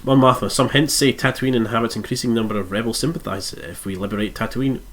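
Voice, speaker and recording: A man's voice: medium pitch, fairly even intonation, quick pace, a bit bright. A man streaming a strategy game live, thinking aloud through his moves in a congested, nasal voice. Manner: thinks aloud while playing, musing and self-correcting.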